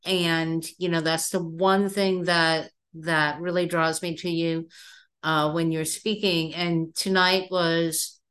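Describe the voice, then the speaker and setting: A woman's voice: deep voice, flat delivery, slow, a bit bright. A woman giving an appreciative share at a recovery meeting over a video call, with small hesitations. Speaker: meeting member sharing.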